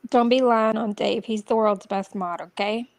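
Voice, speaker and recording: A woman's voice: fairly high pitch, steady tone, moderate pace, no room sound. A woman chatting on a live stream panel, gossiping casually.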